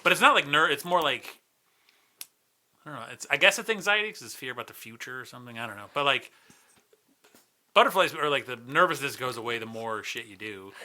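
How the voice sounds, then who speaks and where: A man's voice: mid-range voice, animated, a little fast, pauses often, sharp tone. A man who is a stand-up comedian, a guest on a casual podcast, teasing and swearing loosely. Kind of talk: casual chat.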